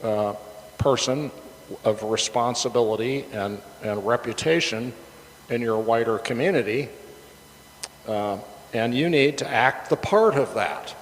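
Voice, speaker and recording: A man's voice: mid-range voice, a little slow. A middle-aged man preaching a sermon as a casual story, chatty and rambling, with many fillers and restarts. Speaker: pastor. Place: church sanctuary. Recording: reverberant hall with faint background noise.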